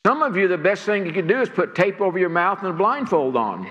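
A man's voice: high voice, big pitch swings, fairly quick, dull audio. A man preaching a sermon to a church congregation, earnest and stirring, often repeating words as he builds. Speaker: pastor. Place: church sanctuary. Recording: long hall reverb.

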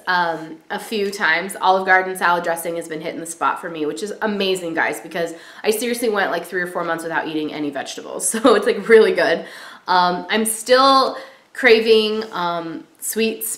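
A woman's voice: fairly low pitch, moderate pace, a bit bright. Chatty pregnant woman in an echoey room. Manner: chatty, lots of "like" and "you know". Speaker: vlogger. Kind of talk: casual chat.

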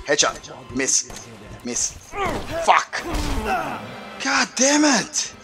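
A man's voice: high-pitched, wildly swooping pitch, extremely slow, music in the background. A man playing a horror game and commenting live, swearing constantly and yelping in panic. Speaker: let's play gamer.

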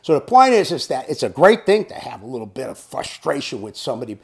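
A man's voice: mid-range voice, big pitch swings, fast talker, gravelly. A man in his seventies telling a personal story in a casual way. He talks bluntly and swears freely, like a tough guy. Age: 70s. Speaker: storyteller host.

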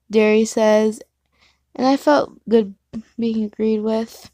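A woman's voice: on the high side, fairly even intonation, takes it slowly, warm tone, dry recording. A woman casually reading fan fiction aloud, giggling and stopping to correct herself. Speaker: reader.

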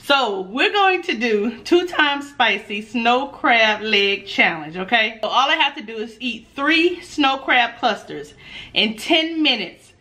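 A woman's voice: fairly high pitch, expressive, takes it slowly, sharp tone. A woman food vlogger, chatting casually and nervously to her viewers, laughing often. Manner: nervous, giggly energy. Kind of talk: casual mukbang vlog.

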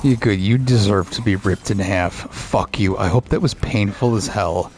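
A man's voice: on the low side, moderate pace, a little mellow. A man giving profane, frustrated commentary while playing a video game. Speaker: gaming streamer. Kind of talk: casual let's play commentary.

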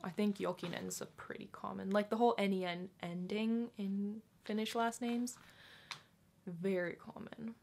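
A young woman giving a casual pronunciation lesson, patiently repeating each word slowly and carefully. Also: mid-range voice, fairly even intonation, vocal fry, a little mellow, slight background noise. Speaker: language teacher.

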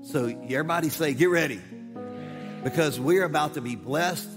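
A male pastor rousing his congregation in a big church, his voice ringing through a long reverb. Music plays clearly under his words. He speaks at an ordinary pitch with an upbeat, rallying drive. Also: moderate pace. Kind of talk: sermon introduction. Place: large church auditorium. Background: music playing.

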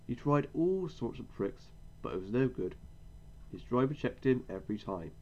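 A man narrating a storybook in an expressive, measured way. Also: medium pitch, muffled recording.

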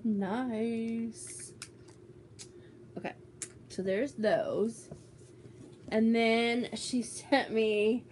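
A woman's voice: fairly high pitch, fairly even intonation, extremely slow, long pauses, a little mellow, slight background noise. A woman vlogging casually as she unboxes a gift swap, bubbly and teasing as she exclaims over each item. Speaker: beauty vlogger.

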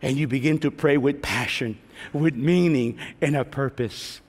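A man pastor preaching a sermon to a congregation in a large church, animated, acting out prayers and teasing the listeners. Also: mid-range voice, measured pace. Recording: long reverb of a large hall.

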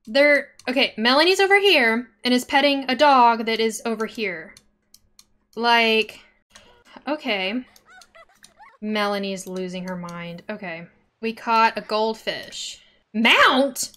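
A woman's voice: a little high, sing-song, moderate pace, bright, forceful tone. A woman streaming a life-sim game, chatting casually and talking to the characters with dramatic outbursts. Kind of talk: casual gameplay commentary.

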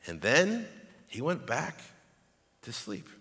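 A man preaching a sermon as pastor, reading scripture aloud in an animated way. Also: mid-range voice, takes it slowly. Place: church sanctuary. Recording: long hall reverb.

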